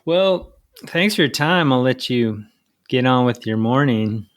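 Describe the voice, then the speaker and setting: A man hosts a podcast in a relaxed, meandering way. His voice sits at a middle pitch. He laughs easily and his phrasing is loose. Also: unhurried. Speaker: podcast host. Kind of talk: casual interview chat and outro.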